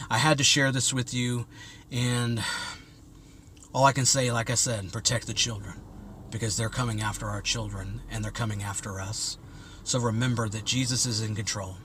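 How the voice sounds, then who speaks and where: A man's voice: mid-range voice, sharp tone, slight background noise. A man vlogging in an agitated, preachy way, repeating himself as he reads out and rants about an article. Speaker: religious vlogger. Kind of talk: impassioned commentary to camera.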